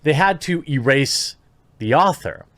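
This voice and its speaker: A man's voice: fairly high pitch, expressive, a little slow, fairly bright tone, no echo. A man reading news and statements aloud with his own commentary, putting odd emphasis on syllables. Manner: odd stresses, sing-song emphasis. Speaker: video commentator.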